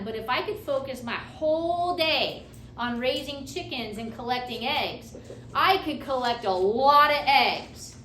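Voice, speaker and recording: A woman's voice: high voice, bright, forceful tone, a little hiss or hum. A woman teaching a class, lecturing and often checking in with her students. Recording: echoey classroom from far off.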